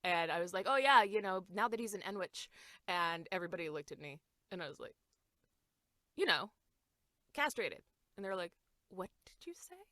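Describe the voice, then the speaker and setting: A woman voice actor in a casual podcast chat, talking fast and laughing often as she acts out quotes. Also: on the low side, sharp tone, no echo, clean studio sound. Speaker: voice actor guest.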